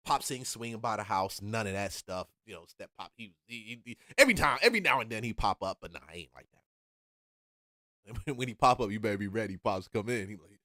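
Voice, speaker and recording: A man from Philadelphia hosting a reaction channel, telling a casual story in an animated, slang-heavy way with laughing asides. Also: on the low side, quick pace, no room sound, studio quality.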